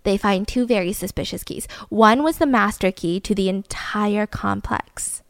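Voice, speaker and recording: A woman's voice: mid-range voice, moderate pace, vocal fry, dry recording, studio quality. A young adult woman hosting a podcast, telling a true-crime story casually and animatedly, full of filler words. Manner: animated, heavy use of "like" fillers. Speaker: podcast host.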